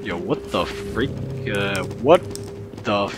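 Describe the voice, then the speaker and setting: A man's voice: on the low side, lively intonation, takes it slowly, over loud music. A young man casually commenting on his game as he plays, rambling and repeating himself, with sudden startled outbursts. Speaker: gaming commentator.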